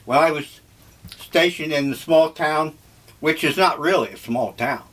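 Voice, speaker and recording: An older man muses aloud over his breakfast, drifting from one thought to the next. He takes his time, drawling his words, and his voice sits somewhat high for a man. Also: a bit bright. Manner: slow, musing, eccentric. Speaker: vlogger. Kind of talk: rambling breakfast monologue.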